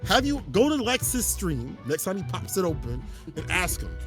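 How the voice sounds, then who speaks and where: A man doing casual esports commentary after a match, animated and playful, joking with his co-host. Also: high-pitched, normal speed, faint music behind. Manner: animated, hype, playful trash talk.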